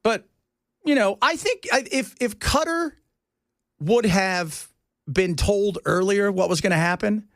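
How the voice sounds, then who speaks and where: A man hosting a talk radio show, rambling in a casual, animated way from topic to topic. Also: high voice, measured pace, dry recording, studio quality.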